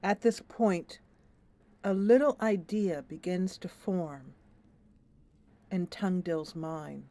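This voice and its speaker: A woman's voice: lowish voice, takes it slowly, long pauses, mellow, no echo. A woman streamer narrating a story-driven fantasy video game aloud, thoughtful and musing.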